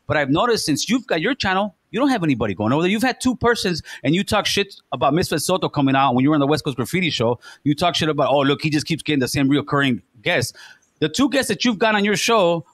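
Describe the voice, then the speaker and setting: A man's voice: fairly high pitch, fairly bright tone, no echo. A man hosting a talk show, accusing and profane, repeating himself in a heated argument. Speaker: podcast host. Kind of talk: heated confrontation.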